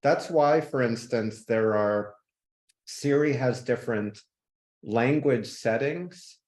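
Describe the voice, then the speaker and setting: A man guest in a podcast interview, telling relaxed stories and now and then mimicking people. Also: mid-range voice, slow, roomy sound. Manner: relaxed, laughs easily, mimics people in anecdotes. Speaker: guest, tech innovator. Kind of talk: conversational interview storytelling.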